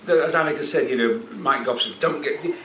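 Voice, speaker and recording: An older man from Yorkshire tells jokey anecdotes at a stage Q&A. His tone is bright and clear. He sounds roomy and a little distant, with a faint hiss behind him. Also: medium pitch, fast talker. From Yorkshire, England. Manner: chatty, jokey storyteller. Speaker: actor guest. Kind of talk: anecdotal panel chat. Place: cinema stage Q&A. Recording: echoey hall, picked up from far.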